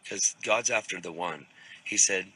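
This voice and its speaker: A man's voice: low-pitched, a little slow, bright, forceful tone, husky, rough recording. A man, a preacher, casually telling a rambling story, repeating words and restarting sentences, filmed on a phone. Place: outdoors at a crowded event. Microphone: phone video.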